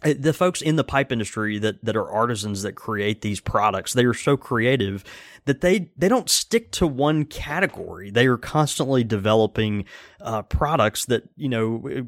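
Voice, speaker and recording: A man's voice: mid-range voice, no room sound. Man, mid-range voice, dry sound, casual rambling podcast talk. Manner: easygoing, rambling with many fillers. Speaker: podcast co-host. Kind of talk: casual chat.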